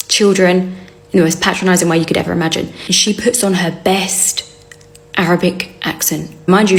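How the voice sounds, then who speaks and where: A woman telling a comic story to camera in a wry, sarcastic, animated way. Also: medium pitch. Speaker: storyteller vlogger.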